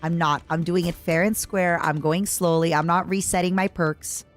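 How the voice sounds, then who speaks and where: A woman's voice: lowish voice, fairly even intonation, normal speed, faint music behind. A young adult woman streaming a strategy game, chatting casually and reacting dramatically to events and her chat. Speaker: VTuber streamer. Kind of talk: casual gameplay commentary.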